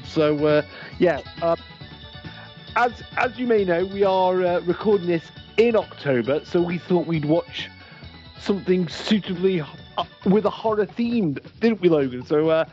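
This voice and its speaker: A man's voice: sits high, moderate pace, dull audio, soft background music. A British man hosting a casual podcast where he watches a movie live, talking in a rambling, playful way with lots of restarts. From United Kingdom. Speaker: podcast host.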